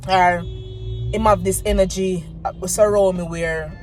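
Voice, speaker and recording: A woman's voice: lowish voice, fairly even intonation, a little slow, poor audio. A Jamaican woman vlogger talking earnestly and emphatically in casual chat, faint music behind.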